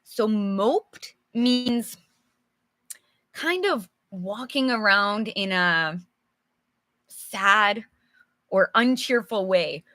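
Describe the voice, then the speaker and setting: Bright-voiced, slow-paced woman teaching English. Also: medium pitch, animated, no echo. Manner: chatty and encouraging, answers viewers' comments by name; acts out examples with sighs and groans. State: slightly losing her voice. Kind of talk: live English storybook lesson.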